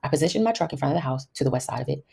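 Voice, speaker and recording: A woman's voice: very deep voice, expressive, very fast, creaky, dark tone, husky. A woman who hosts a podcast, reading a court transcript aloud and voicing every part herself, with wry asides of her own. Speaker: podcast host.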